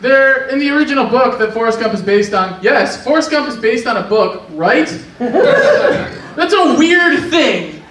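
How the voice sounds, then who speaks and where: Very high-voiced amused comic. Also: male voice, very animated, unhurried, a bit bright. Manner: chatty, amused, laughing. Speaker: stand-up comedian. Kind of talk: stand-up comedy. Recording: echoey, distant stage with noise.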